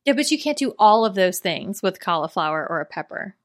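Cheery woman co-host, mid pitch, laughs easily, casual chat. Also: big pitch swings, a little fast. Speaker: podcast co-host.

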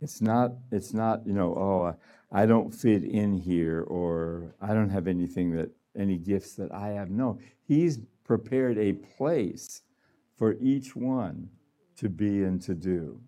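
A man's voice: on the low side, slow pace, mellow. A man giving a conversational sermon to a gathering, laughing often and acting out little voices. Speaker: healing room director speaking.

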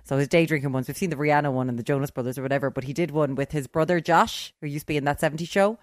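A podcast co-host chats casually about television and chimes in with quick quips. The voice sits at a middle pitch, recorded dry and close to the mic. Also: dry recording.

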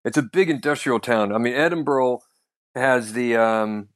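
A man's voice: mid-range voice, moderate pace. Rambling man telling stories. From the United States. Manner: rambling, with many fillers and restarts. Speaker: podcast co-host, comedian. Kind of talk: casual chat, storytelling.

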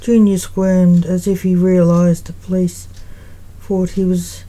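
A woman reading a fan fiction story aloud in a plain, unhurried storytelling manner. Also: on the low side, flat delivery, dark tone, low-quality recording. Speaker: story reader.

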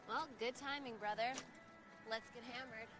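A woman's voice: on the high side, steady tone, moderate pace, music in the background, close to an everyday voice. An actress playing a teasing young woman in a TV comedy, mocking in a sing-song way. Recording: noisy TV clip.

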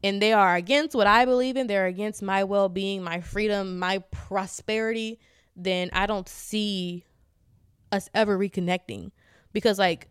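A woman's voice: medium pitch, steady tone, moderate pace, clean tone, no echo, clean studio sound. A young woman co-hosting a podcast, chatting candidly with frequent fillers and laughs. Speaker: podcast co-host. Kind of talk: casual chat.

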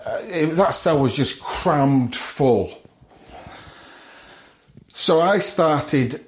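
A man's voice: on the high side, lively intonation, extremely slow. A middle-aged man from the north of England, a podcast guest telling his story vividly, acting out other people's lines and chuckling often. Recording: roomy echo.

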